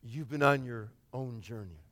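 A man preaching a sermon, retelling a parable with dramatic swings from shouting to near-whispers and acting out the characters. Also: medium pitch, moderate pace, dry recording. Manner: acts out the parable's characters in his own voice.

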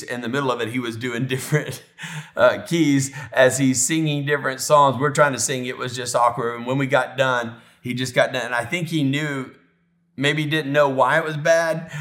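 A middle-aged man preaching, a pastor sharing a personal story from the pulpit. His voice is mid-pitched and ordinary. He turns emotional and often drops to a soft, hushed delivery in the tender moments. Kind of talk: sermon storytelling.

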